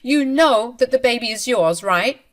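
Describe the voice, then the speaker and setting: Brief: woman voicing a manipulative young mistress in a story reading, pitched up, shrill and accusing. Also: animated, a little slow. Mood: indignant.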